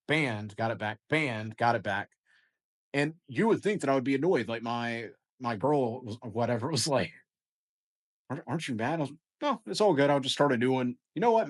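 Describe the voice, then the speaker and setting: A man guest on a podcast, talking casually and energetically, with many fillers and quick bursts of ideas. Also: medium pitch, fairly bright tone. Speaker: guest entrepreneur. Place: lives in Dubai.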